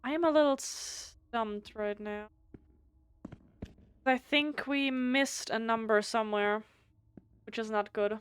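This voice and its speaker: A woman, a native German speaker, streaming a game with casual commentary, animated and swearing freely while reading text aloud. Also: fairly high pitch, slow, pauses often, clean tone.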